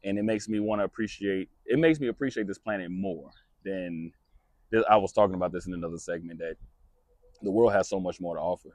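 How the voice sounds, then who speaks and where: A man's voice: low-pitched, a little fast, a little mellow, no echo. A man hosting a casual podcast chat, talking in a rambling way with many restarts. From United States. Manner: rambling, many restarts, laughs at own jokes. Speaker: podcast host.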